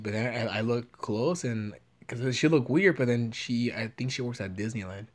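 A young man talks loosely and jokes a lot. His voice is pitched at an ordinary middle height for a man. He rambles through casual chat with plenty of swearing and filler words. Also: brisk, few pauses. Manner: rambling, profane, joking. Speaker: podcast co-host.

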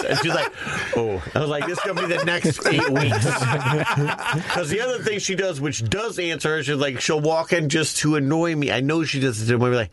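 A man in his forties telling lively anecdotes in casual chat, often mimicking other people's voices. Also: fairly high pitch, moderate pace, a loud crowd. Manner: animated storyteller, mimics others.

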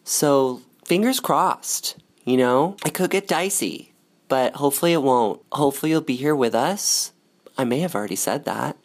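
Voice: medium pitch, lively intonation, normal speed. A speaker giving a casual, rambling and jokey farewell message.

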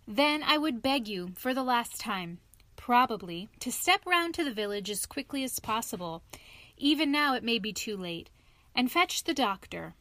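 A woman's voice: on the high side, expressive, moderate pace, fairly bright tone, no room sound. Toad: a woman playing a languid, self-pitying male toad. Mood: feeble, martyred. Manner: languid, feeble, sighing, dramatic. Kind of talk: storybook reading.

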